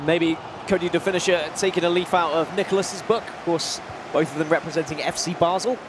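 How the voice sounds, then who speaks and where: Man, esports colour commentator, high voice, chatty explainer, faint noise. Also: fairly even intonation, fairly quick. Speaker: esports analyst.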